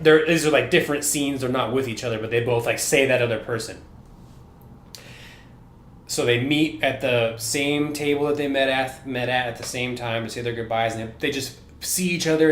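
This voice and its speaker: Rambling, profane man retelling a story. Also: medium pitch. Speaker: podcast co-host. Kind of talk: casual chat. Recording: roomy echoey room.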